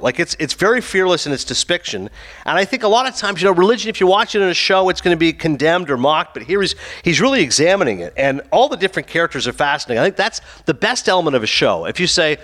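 A man hosting a podcast, reviewing a TV series in casual chat, talking rapidly with lots of fillers. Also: a little high, fairly bright tone. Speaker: podcast host reviewing a TV show.

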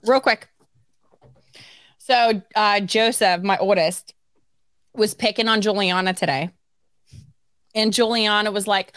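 A woman's voice: normal speed, no room sound, studio quality. A woman in her forties co-hosting a podcast, telling a family story in casual chat and acting out everyone's lines. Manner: animated storyteller, acts out quotes with big pitch jumps. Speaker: podcast co-host.

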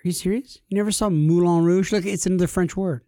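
A man's voice: sits high, fairly even intonation, brisk, dark tone, no echo, clean studio sound. A young man co-hosting a podcast, playful and teasing in casual chat. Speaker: podcast co-host.

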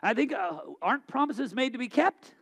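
A man preaching a sermon, emphatic, swinging between loud exhortation and quiet reflection, often repeating words as he thinks aloud. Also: very high-pitched, lively intonation, normal speed.

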